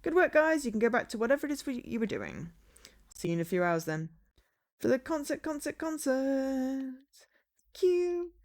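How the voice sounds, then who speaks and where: A woman's voice: on the high side, sing-song, fairly quick, a little mellow, voice pushed up. A woman voicing a tired young male band leader who sounds weary and defensive.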